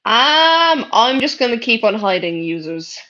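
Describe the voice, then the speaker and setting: A woman's voice: on the high side, sing-song, a little slow, sharp tone. A young Irish woman streaming live, reading chat messages aloud in brash, sweary casual talk. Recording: dull lo-fi stream audio.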